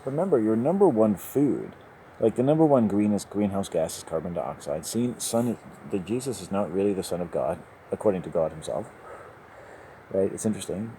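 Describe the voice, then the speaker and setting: A man's voice: sits low, expressive, brisk, mellow. A man rambling and joking to himself as he walks home by a river at dusk, often breaking into laughter. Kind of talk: rambling monologue while walking. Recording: noisy outdoor ambience.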